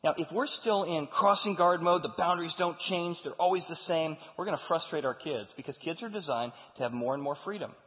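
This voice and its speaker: A man preaching a sermon to a congregation, talking in an animated way and acting out the voices of the people he quotes. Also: on the high side, a little fast, few pauses. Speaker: pastor. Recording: phone-like sound with long hall reverb.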